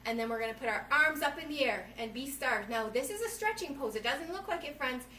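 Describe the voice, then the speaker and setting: Bright-voiced woman leading kids' yoga. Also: high voice, animated, a little fast, a little hiss or hum. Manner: upbeat and encouraging, keeps calling the children "friends". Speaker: children's yoga instructor. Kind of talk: reading a storybook while leading kids' yoga. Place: at home. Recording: roomy sound from a distant mic with faint ambience.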